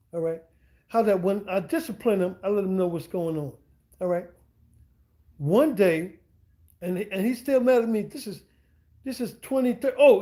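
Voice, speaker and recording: A man's voice: high voice, warm tone. A middle-aged man talking casually on a livestream from home, rambling and repeating himself with slangy asides to his viewers. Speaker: streamer and language teacher. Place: at home indoors.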